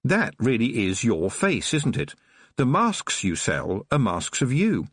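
A man's voice: mid-range voice, huge pitch swings, slow, breathy edge, no echo, exaggerated voice. A man voicing an earnest, careful young girl witch. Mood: grave. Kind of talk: audiobook character voice.

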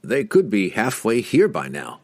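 A man reading an audiobook, voicing a courtly male wizard who speaks formally and slowly. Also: on the low side, huge pitch swings, darkish tone, breathy edge, no echo, studio quality, full character voice. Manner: formal, slow, old-fashioned speech.

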